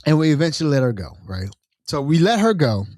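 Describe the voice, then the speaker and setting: Male podcast host, casual and animated storyteller, a touch high-pitched, recorded dry. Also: dry recording. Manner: animated storyteller acting out quoted voices; colloquial, drawn-out phrasing.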